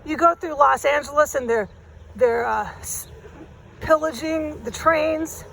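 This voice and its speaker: A woman vlogs on her phone while walking a city street, rambling in casual slang with plenty of emphasis. Her voice is high-pitched with a gravelly edge. Faint street and traffic noise sits behind her. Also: unhurried, fairly bright tone. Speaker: vlogger. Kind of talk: walking vlog monologue. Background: street noise and passing traffic.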